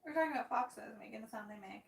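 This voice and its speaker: A woman reading viewer comments aloud off to the side of a livestream, soft and quick. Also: fairly high pitch, expressive, gravelly, far from the mic. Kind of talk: reading chat messages aloud. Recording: echoey, off-mic, noisy room.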